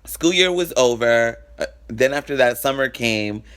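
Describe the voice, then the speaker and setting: A man's voice: mid-range voice, lively intonation, normal speed, a bit bright, clean tone. A man vlogging a personal story in a frank, profane, dramatic way, acting out what people said. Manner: acts out quoted exchanges. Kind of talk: casual storytelling.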